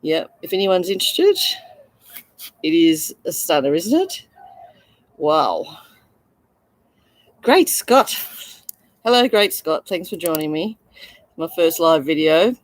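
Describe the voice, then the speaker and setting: An Australian woman with a low, deep-set voice talks through a live coin sale. She gushes over each piece and stumbles through plenty of fillers and restarts in a relaxed, casual way. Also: a little slow, long pauses, no echo, rough recording. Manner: chatty, gushing, many fillers and restarts. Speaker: coin seller on a livestream. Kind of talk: casual live selling chat.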